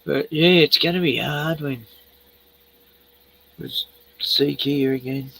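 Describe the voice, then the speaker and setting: A man's voice: on the high side, fairly even intonation, takes it slowly, vocal fry, a bit bright, low-quality recording. An older Australian man hosting a casual livestream, rambling and swearing freely while tipsy from a few beers. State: tipsy from beer. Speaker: livestream host.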